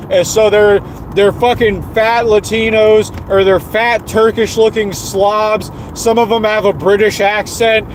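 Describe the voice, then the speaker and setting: Profane, high-voiced man ranting heatedly. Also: noisy background. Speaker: streamer. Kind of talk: angry ranting monologue.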